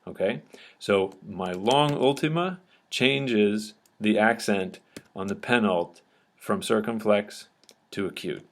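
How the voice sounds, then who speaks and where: A man's voice: fairly low pitch, slow. A man teaching a lecture-style lesson, explaining patiently step by step and often checking that listeners follow.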